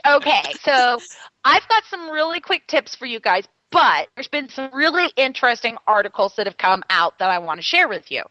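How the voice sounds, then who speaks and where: A woman's voice: fairly high pitch, sharp tone, dry recording, rough recording. A woman co-hosting a casual radio talk show, chatting and telling a story with lots of fillers. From California. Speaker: co-host.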